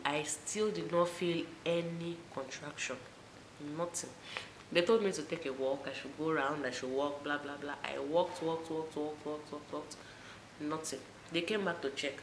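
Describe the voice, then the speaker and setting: A young woman, telling a personal story to her viewers in a casual, animated way. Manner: animated retelling, voices rising high for quoted moments. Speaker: vlogger. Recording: echoey room with faint noise.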